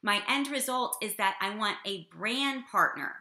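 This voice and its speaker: A woman giving an energetic business coaching talk to her team, often checking in with "okay?". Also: mid-range voice, measured pace. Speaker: business trainer. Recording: echoey room.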